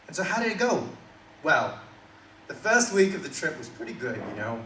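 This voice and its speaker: At a small indoor coffee shop, a young Australian man performs a stand-up story with crowd work in a slightly high, sing-song voice that's pushed and bright, at normal speed. There's slight background noise, and the roomy, distant recording picks up room ambience and audience laughter.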